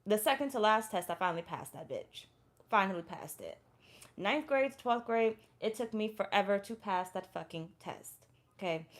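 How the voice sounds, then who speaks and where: A woman's voice: mid-range voice, expressive, moderate pace. Young adult woman tarot reader, blunt, profane, chatty and repetitive. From Florida, USA. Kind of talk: casual tarot reading with personal story.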